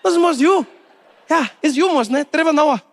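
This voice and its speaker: A man voicing a pushy, excitable young male fan in overalls with a South African accent, loud and insistent. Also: extremely high pitch, pitched above the performer's own voice. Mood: starstruck. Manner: insistent, bossy, talks fast and loud.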